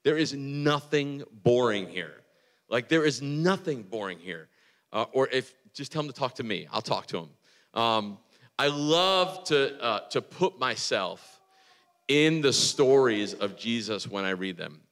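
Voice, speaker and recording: Bright-voiced casual pastor in reverb. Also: male voice, mid-range voice, measured pace. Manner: excitable, restarts and "like" fillers, storytelling. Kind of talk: casual conversational sermon.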